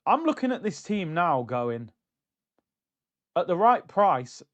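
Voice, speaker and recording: A man hosting a casual football livestream, talking in an animated, chatty way and answering comments from his chat. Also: high-pitched, takes it slowly, lo-fi sound. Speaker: football streamer.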